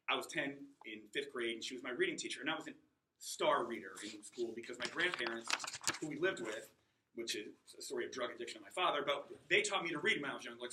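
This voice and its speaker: Wry, very bright-voiced man in his forties. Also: mid-range voice, reverberant, a little hiss or hum, low-quality recording. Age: 40s. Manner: wry, self-mocking, animated storyteller. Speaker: adult student giving a class speech. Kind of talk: comic personal storytelling. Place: classroom.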